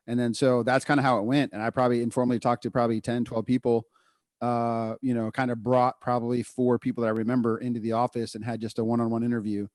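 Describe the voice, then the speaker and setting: A man co-hosting a podcast, telling a candid personal story in casual chat, full of fillers and quick asides. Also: mid-range voice, level tone, darkish tone, dry recording, clean studio sound. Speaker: podcast co-host.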